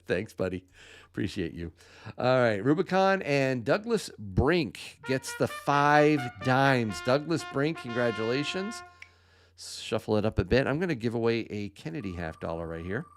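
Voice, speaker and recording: A man's voice: medium pitch, sing-song, measured pace, faint music behind. A man hosting a live podcast giveaway, upbeat and laughing often as he calls out winners' names. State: out of breath. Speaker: podcast host. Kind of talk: livestream giveaway chat.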